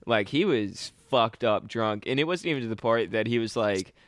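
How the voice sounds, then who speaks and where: A man's voice: fairly low pitch, animated, moderate pace, no room sound, clean studio sound. A man co-hosting a podcast in casual, joking banter, laughing often. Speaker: podcast co-host. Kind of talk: casual chat.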